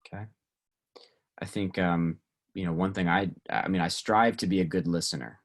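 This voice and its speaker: A man, a pastor, leading a relaxed Bible study discussion with teens, asking the group questions and talking with many fillers and restarts. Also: sits low, normal speed.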